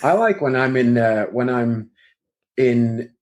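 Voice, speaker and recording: A man's voice: medium pitch, slow, darkish tone. British man telling dry stories. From Britain. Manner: dry, self-mocking storyteller. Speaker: guest, magician. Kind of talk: casual podcast chat.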